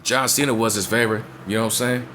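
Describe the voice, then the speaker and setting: A man's voice: on the low side, fairly even intonation, quick pace, bright, forceful tone, a little hiss or hum. A man ranting in a blunt, profane way in casual talk, often asking if you know what he's saying. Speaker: wrestling commentator vlogger. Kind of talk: casual opinion rant.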